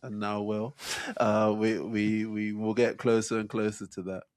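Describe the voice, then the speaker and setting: A man co-hosting a podcast, speaking thoughtfully and hesitantly with many pauses and fillers. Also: fairly low pitch, level tone, darkish tone, dry recording. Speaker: podcast co-host. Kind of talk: casual podcast conversation.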